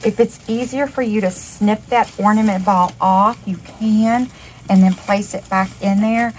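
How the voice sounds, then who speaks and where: A woman's voice: mid-range voice, fairly even intonation, unhurried, a little hiss or hum, poor audio. Chatty woman teaching a craft. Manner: chatty, upbeat, calls things cute. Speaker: craft instructor. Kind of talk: step-by-step craft demonstration.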